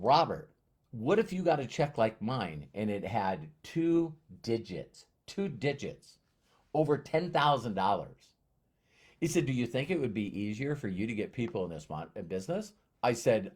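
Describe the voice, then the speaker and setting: Speaking in a slightly rough, mid-range voice, a motivational speaker shares a personal story. He's animated and plays both people in a conversation he recounts.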